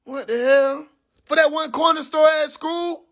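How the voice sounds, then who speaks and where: A young man hosting a livestream, ranting in a casual, profane way. He speaks, sounds incredulous and animated, and breaks into laughter often. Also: very high voice, measured pace. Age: young adult. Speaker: livestream host. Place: in a car.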